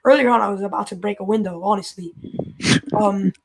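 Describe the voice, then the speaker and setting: A man's voice: high-pitched, steady tone, a little fast, creaky, noisy background. A man calling in to a fan show, ranting in an exasperated way, his voice jumping up when he gets worked up. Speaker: caller.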